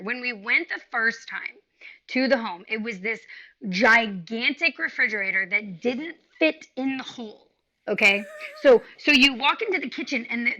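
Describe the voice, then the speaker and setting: A woman podcast co-host and real estate agent telling an animated, profane story over a video call and acting out the quotes. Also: on the high side, dull audio. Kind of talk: casual storytelling chat. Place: home, remote video call.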